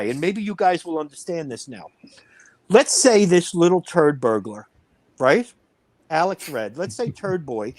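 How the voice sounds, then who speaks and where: A man's voice: sits high, darkish tone, dry recording. A man in his fifties, a wrestling promoter, telling a heated story in a blunt, boastful way. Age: 50s. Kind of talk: casual storytelling.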